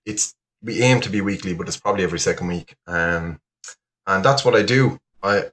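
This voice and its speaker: A man's voice: low voice, brisk, a bit bright. A young Irish man chatting as a podcast guest, rambling with lots of fillers and laughs. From Ireland. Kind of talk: casual chat.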